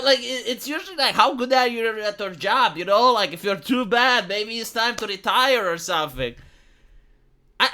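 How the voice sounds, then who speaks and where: Commentary streamer, sarcastic and rambling, pitch swooping up and down a lot. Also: sharp tone. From Romania. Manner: rambling and sarcastic, heavy on fillers. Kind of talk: casual commentary vlog.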